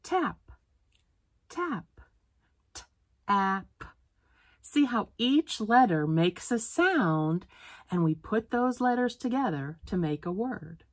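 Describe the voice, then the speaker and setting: A woman's voice: on the high side, very animated, takes it slowly, a little mellow, dry recording, studio quality. A woman teacher reading a picture book aloud for a phonics lesson, sounding out words letter by letter.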